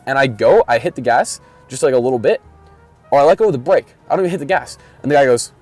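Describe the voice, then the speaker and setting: A man's voice: mid-range voice, fast, a little mellow, soft background music. A man hosting a casual solo podcast from his car, rambling and mumbling, with frequent swearing. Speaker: podcast host. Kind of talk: casual solo chat while driving.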